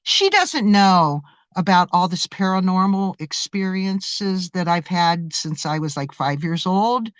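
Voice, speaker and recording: A woman guest telling a story in a casual interview, animated and excitable, often restarting and stammering. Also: fairly low pitch, slow pace, dry recording, poor audio.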